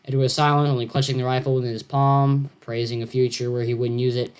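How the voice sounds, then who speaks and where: Teen male author reading his own story; halting, self-interrupting delivery. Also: medium pitch, level tone, smooth. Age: teens. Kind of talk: reading own fiction aloud with asides.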